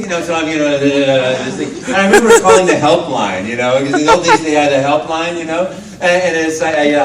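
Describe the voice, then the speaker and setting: A man's voice: a little high, fairly quick, hardly any pauses, heavy background noise. A male voice actor answering audience questions at a convention panel, telling stories playfully and acting out the dialogue. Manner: animated, playful, acts out quoted dialogue. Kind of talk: storytelling Q&A with an audience. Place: large convention hall. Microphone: phone recording from the audience. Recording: echoey hall, distant phone mic.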